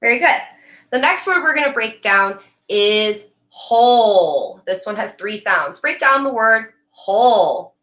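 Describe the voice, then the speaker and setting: A woman teaching a reading lesson to young students in a recorded video, speaking slowly and clearly and praising them often. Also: a little high, expressive, fairly bright tone. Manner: slow, clear, encouraging teacher talk with drawn-out words. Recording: echoey room.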